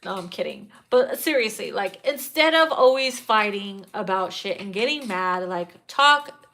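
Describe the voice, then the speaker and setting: A woman's voice: mid-range voice, a little slow. A woman giving a casual tarot reading, swearing freely and laughing often. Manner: profane, laughing, animated. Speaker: tarot reader.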